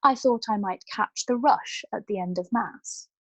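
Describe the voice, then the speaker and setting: A woman reading the part of a bold young female chocolatier, speaking brightly and with false sweetness. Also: mid-range voice, unhurried, dry recording, pitched above the performer's own voice. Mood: innocent.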